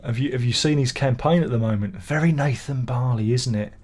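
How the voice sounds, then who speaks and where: A man's voice: mid-range voice, fairly quick, darkish tone. Middle-aged man, live-stream host, casual rambling chat, sardonic grumbles, mock exasperation. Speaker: livestream host reading viewer comments.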